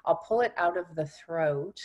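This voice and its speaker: Soft-spoken woman leading a healing session. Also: fairly low pitch, highs cut off. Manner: soft-spoken, often dropping to a hushed tone; unhurried, reassuring coaching. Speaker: energy healer. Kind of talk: guided energy-healing session.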